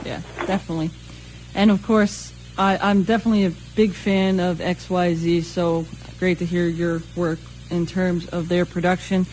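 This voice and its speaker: Young male radio host, high voice, hesitant interviewer. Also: little pitch movement, normal speed, a little mellow, a little hiss or hum, rough recording. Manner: hesitant, many fillers.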